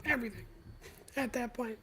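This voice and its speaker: A woman hosting a podcast live stream, telling her own story in a candid, confessional way with halting pauses. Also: a little high, steady tone, a bit bright, slight background noise, poor audio. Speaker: podcast host.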